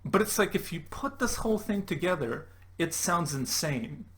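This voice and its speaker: Male YouTuber, ranting commentary, profane and incredulous, slightly high voice. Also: expressive, moderate pace, a bit bright. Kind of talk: commentary rant.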